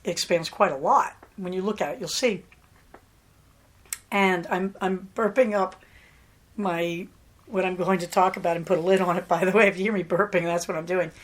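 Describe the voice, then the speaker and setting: A woman hosting a podcast, telling a story in a casual monologue, animated and laughing often, acting out the voices of the people she quotes. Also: lowish voice, moderate pace. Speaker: podcast host.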